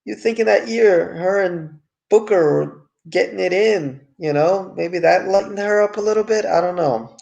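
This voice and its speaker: A man with a somewhat high, gravelly voice talks through a TV episode review. His talk is loose and opinionated, full of asides and frank remarks. The delivery is casual and animated. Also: moderate pace, hardly any pauses. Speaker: TV series reviewer.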